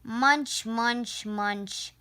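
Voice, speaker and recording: Calm grazing sheep, flat slow chewing and bleats, read by a woman; bright tone. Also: a little high, smooth, exaggerated voice. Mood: placid. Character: placid flock of grazing sheep.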